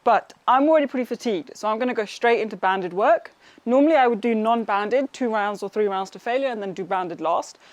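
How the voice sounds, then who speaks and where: A woman's voice: fairly high pitch, fairly quick. A young woman talking through her home workout in a casual vlog, chatty, upbeat and encouraging, with a self-teasing streak. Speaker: fitness vlogger. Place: home workout, partly outdoors.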